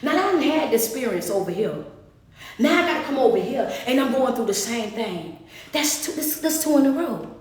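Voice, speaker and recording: A woman's voice: fairly high pitch, expressive, a little fast, darkish tone. A woman motivational speaker preaching on a Bible story in a colloquial, conversational way, acting out the story in the first person. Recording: roomy echo, distant mic, faint background noise.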